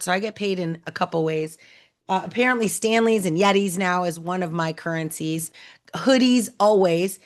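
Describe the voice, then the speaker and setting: A woman hosts in a loose, chatty way, talking as she unwraps presents. Her voice sits in an ordinary middle range. She sounds bubbly and keeps jumping into quick asides. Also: medium pitch. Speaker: host. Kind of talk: casual chat while unboxing gifts.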